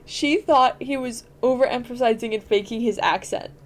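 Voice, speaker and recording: A woman's voice: fairly high pitch, moderate pace, slight background noise. A woman hosting a podcast, chatting casually and explaining at length with enthusiasm and plenty of fillers. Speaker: podcast host.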